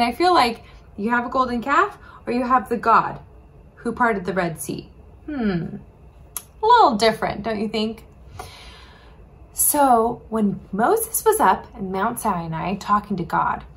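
A woman teaching a children's sermon, telling a Bible story casually and asking the kids questions. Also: on the high side. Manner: animated, asks children questions; casual, says "like" often.

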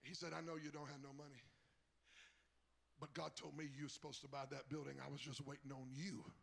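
A bishop serving as guest preacher has a husky, gravelly voice and a flat, fairly quick delivery. His sermon moves from low storytelling up to shouted, high-pitched preaching.

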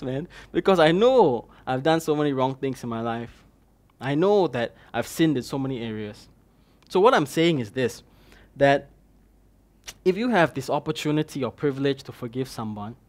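A man with a Malaysian English accent preaching a conversational sermon, acting out his own dialogue with God. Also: a little high. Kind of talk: sermon with personal story.

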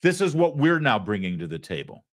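A man's voice: medium pitch, sing-song, brisk. A man hosting a political commentary show, talking in a sarcastic, indignant way. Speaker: host.

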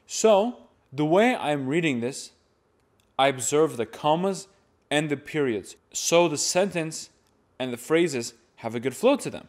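Guy explaining how to chant the epistle, slightly high voice, plain and steady. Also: measured pace. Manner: plain, explanatory, with sung demonstrations. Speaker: chant teacher. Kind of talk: instructional talk to camera.

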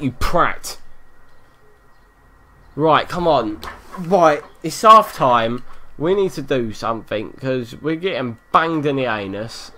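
Gamer guy, bright voice with big pitch swings, excitable and foul-mouthed while commentating his own play. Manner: excitable, swears a lot, yells at the game. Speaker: gaming YouTuber. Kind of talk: live gameplay commentary.

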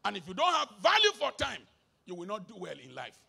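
A middle-aged Nigerian man preaching an emphatic sermon. He has a Nigerian accent and moves between shouted bursts and low asides, slipping into Pidgin. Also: huge pitch swings, brisk, vocal fry, breathy edge.

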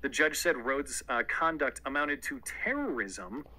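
Podcast dude with a really bright sharp voice, dry and sarcastic. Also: male voice, mid-range voice, lively intonation, measured pace, low-quality recording. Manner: dry, sardonic. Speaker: podcast co-host. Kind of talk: podcast commentary.

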